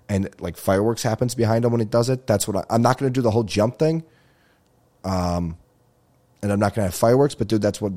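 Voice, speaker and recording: A man's voice: on the low side, a little mellow. A male comedian hosting his own podcast, telling rambling stories with swearing and laughter. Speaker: podcast host. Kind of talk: casual comedic monologue.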